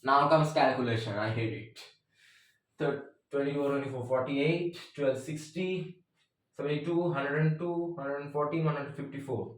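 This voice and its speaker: A chatty man walks students through a math lesson, cracking jokes and slipping in "means" between phrases. His voice sits a little high for a man. It is recorded in a very echoey room, some distance from the mic. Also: fairly even intonation, normal speed. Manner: chatty, joking asides, frequent "means" fillers. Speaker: math teacher. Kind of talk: casual math tutorial.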